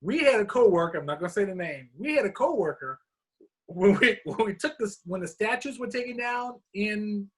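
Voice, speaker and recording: A man's voice: high voice, lively intonation, normal speed, a bit bright. A man co-hosting a podcast in a casual chat, asking the questions and steering the talk. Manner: chatty, leads the questions. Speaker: podcast co-host.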